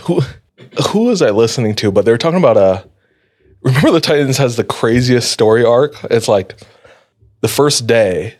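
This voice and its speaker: A young man in casual chat with friends, relaxed and joking. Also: medium pitch, moderate pace.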